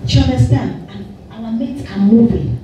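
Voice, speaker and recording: A Nigerian actress giving a lively motivational talk to a live audience, telling stories and slipping into Yoruba. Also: female voice, a little high, normal speed. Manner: lively storytelling, mixing in Yoruba, often laughing. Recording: echoey hall, voice far from mic, faint noise.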